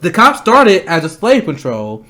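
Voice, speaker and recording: A young man hosting a political stream, angry and blunt, ranting fast and swearing often. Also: high voice, wildly swooping pitch, fairly bright tone. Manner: fast, repeating himself to stress points. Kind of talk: heated political commentary.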